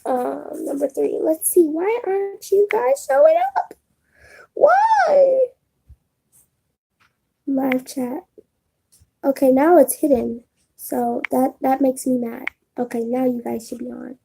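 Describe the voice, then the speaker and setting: Woman, high voice, blunt, profane, casual phone live stream. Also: big pitch swings, takes it slowly, gravelly, long pauses, dark tone. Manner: blunt, profane, talks straight to chat. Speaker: live streamer giving readings.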